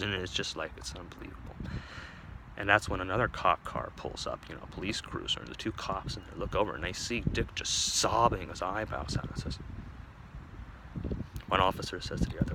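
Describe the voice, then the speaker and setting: A man telling a comic story aloud, playful and animated, recorded on a phone outdoors. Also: low voice, noisy background. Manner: animated, playful, voices many characters. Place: outdoors at a cemetery.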